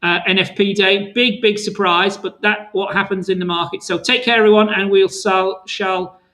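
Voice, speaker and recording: A man's voice: high voice, fairly even intonation, normal speed, pushed and bright, rough recording. A man hosting a live trading Q&A webinar, chatty and rambling, calling viewers "my friend", his voice a little worn. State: voice tiring.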